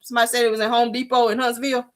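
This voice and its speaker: A woman hosting a livestream, giving blunt, sassy advice and reading viewer comments in casual chat. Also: racing. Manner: animated pitch jumps for emphasis. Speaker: livestream host.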